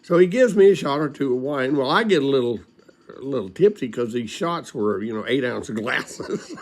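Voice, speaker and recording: A man's voice: medium pitch, expressive, normal speed. An older man telling a rambling, folksy story from his childhood into a home recording, chuckling along as he goes.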